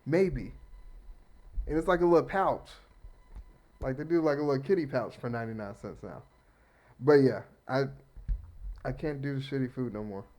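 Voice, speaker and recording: A man's voice: medium pitch, moderate pace, long pauses, a little mellow. A man co-hosting a podcast in casual chat, laughing often and reacting playfully, with wistful asides. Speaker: podcast co-host.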